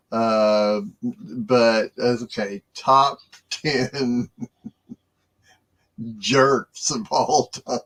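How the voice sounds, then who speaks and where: A middle-aged man co-hosts a relaxed chat show. He talks very slowly, in a halting way full of fillers. He often breaks into soft chuckles. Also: fairly low pitch. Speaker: co-host. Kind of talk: casual chat.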